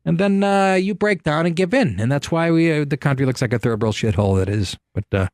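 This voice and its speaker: A man hosting a talk radio show, ranting and telling stories in a profane, animated way from a studio. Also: on the high side, a little fast, no room sound. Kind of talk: casual talk radio monologue.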